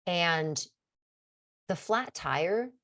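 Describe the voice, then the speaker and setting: A middle-aged woman with a low voice hosts a casual podcast Q&A. She talks in an earnest, encouraging way and often restarts her sentences as she thinks aloud. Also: animated, very slow, fairly bright tone. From California. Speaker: podcast host.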